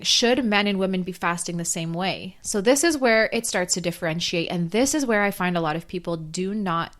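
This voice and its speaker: A woman hosting a solo health podcast, earnest and explanatory, hoarse from losing her voice. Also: lowish voice, a bit bright. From North America. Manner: earnest, explanatory, with fillers and restarts. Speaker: podcast host.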